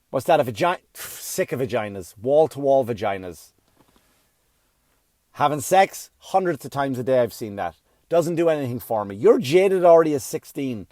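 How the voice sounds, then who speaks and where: A middle-aged man doing a stand-up comedy routine, profane and ranting, swinging from muttering to yelling. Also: mid-range voice, animated, normal speed, no room sound.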